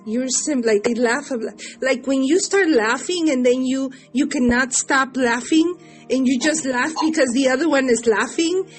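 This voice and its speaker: A woman from Mexico with a very high voice chats casually as the interviewer. She laughs as she speaks, with faint music underneath. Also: normal speed. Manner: laughing, chatty.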